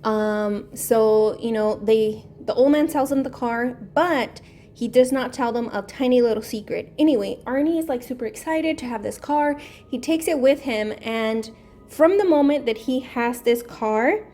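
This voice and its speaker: A woman's voice: a little high, dark tone. A woman hosting her own channel, casually retelling a movie plot in a rambling way, full of "like" and "um". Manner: rambling, heavy use of "like" and "um". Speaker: savings channel host.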